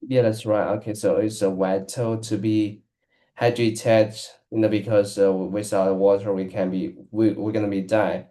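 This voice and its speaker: A man practicing English in casual conversation, speaking haltingly with many restarts and fillers. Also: lowish voice, little pitch movement, mellow. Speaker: English learner.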